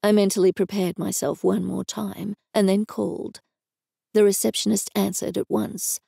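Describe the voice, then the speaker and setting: An Australian woman narrating a story in first person on a close microphone, in a wry, even manner. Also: mid-range voice, normal speed, vocal fry, slightly rough, no echo. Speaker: audiobook narrator.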